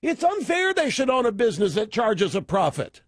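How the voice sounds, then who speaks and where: A man's voice: sits high, huge pitch swings, moderate pace, no echo, clean studio sound. A man hosting a radio talk show, delivering an opinionated monologue with sarcastic, mocking asides.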